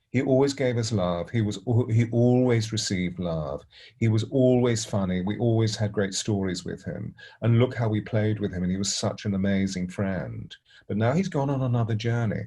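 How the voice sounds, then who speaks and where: Husky, gentle man telling a story. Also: lowish voice. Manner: gentle, unhurried, halting with many restarts. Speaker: spiritual teacher. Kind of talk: reflective storytelling.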